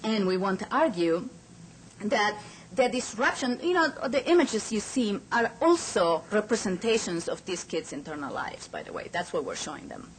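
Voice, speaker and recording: A woman's voice: medium pitch, animated, normal speed, a little hiss or hum, rough recording. A woman speaker giving a lecture at an academic forum, in an earnest, emphatic manner. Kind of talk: conference lecture.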